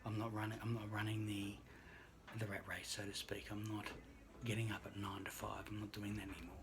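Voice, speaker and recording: Man, lowish voice, earnest storyteller, halting and hushed at times, background noise. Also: flat delivery, vocal fry. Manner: earnest, halting, drops into hushed near-whispers. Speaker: registered nurse. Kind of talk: personal story told to camera.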